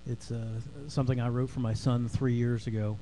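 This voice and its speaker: A singer-songwriter from South Philadelphia who introduces his songs on a bar stage in a put-on, drawn-out Scottish brogue. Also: mid-range voice, flat delivery, a little hiss or hum, poor audio. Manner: puts on a mock Scottish brogue, drawn out and loud.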